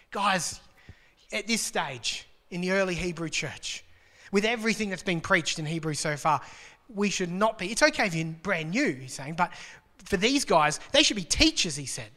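Bright-voiced man preaching in a hall. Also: sits high, expressive, moderate pace. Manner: conversational and joking, with rhetorical questions. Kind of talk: sermon. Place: church hall. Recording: long reverb of a large hall.

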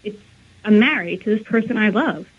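A woman's voice: medium pitch, animated, normal speed, breathy edge. A woman in her thirties talks as an interview guest, with long earnest runs of story and quoted dialogue acted out as she goes. Her voice comes through a thin, phone-like line. The sound is boxy and narrow. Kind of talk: emotional personal storytelling.

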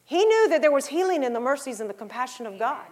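A woman with a fairly high voice preaches a sermon in middle age. She tells stories and acts out the voices in them, and she pushes the congregation to get louder. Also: big pitch swings, fast. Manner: rising to loud exhortation.

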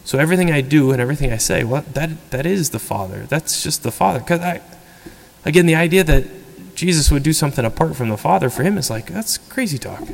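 A man preaching a homily in a relaxed, conversational way, acting out quotes with lively energy. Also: medium pitch, gravelly, big-room sound. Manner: conversational, animated, acts out quotes. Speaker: priest. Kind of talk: sermon. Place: church.

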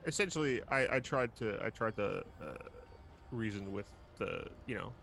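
A man playing a tabletop game, talking in a hesitant, halting way. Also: fairly low pitch, expressive, gravelly, fairly bright tone, a little hiss or hum. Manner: hesitant, halting, filler-heavy. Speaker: player. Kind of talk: casual tabletop game chat.

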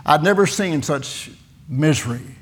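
A man in his sixties, a missionary preaching a folksy sermon in a church, telling personal stories and building to loud, fervent peaks. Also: fairly high pitch, measured pace. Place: church sanctuary.

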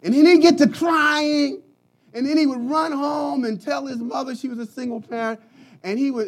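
A middle-aged man from Philadelphia preaching a sermon, building to shouted emphasis. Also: very high voice.

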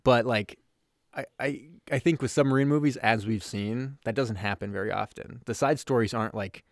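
A man's voice: mid-range voice, normal speed, dry recording, studio quality. A man co-hosting a podcast, chatting casually about a movie in a rambling way, often restarting his sentences. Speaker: podcast co-host. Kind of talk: casual movie review chat.

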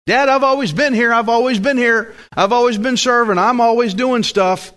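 A man's voice: very high voice, moderate pace, fairly bright tone, voice pushed up. A man voicing a resentful older son who complains in a whiny, self-righteous way about his reward.

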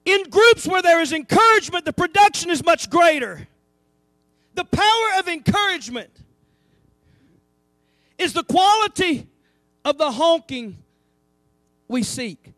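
A male pastor delivers an animated sermon, swinging from quiet asides to loud calls to the congregation. His voice sits very high for a man. The sound is dry and close. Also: measured pace, pauses often, dry recording. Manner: animated preaching with call-and-response asides. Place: church sanctuary.

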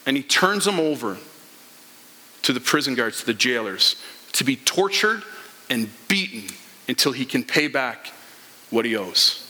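Bright-voiced preacher in a reverberant hall. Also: male voice, medium pitch, very animated, unhurried, pauses often. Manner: storytelling, acting out the characters' lines. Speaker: pastor. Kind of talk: sermon.

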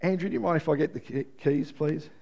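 A male pastor with a high voice delivers a sermon to a gathered church. He rises into loud, excited exclaiming and then sinks to a hushed, prayerful tone as he leads the room. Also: fast, gravelly. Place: church with live congregation.

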